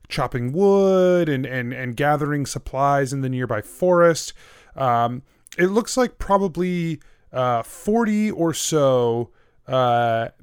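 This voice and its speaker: A man narrating a tabletop game as game master, pausing often with fillers. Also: mid-range voice, smooth, no echo, clean studio sound. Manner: halting, many fillers.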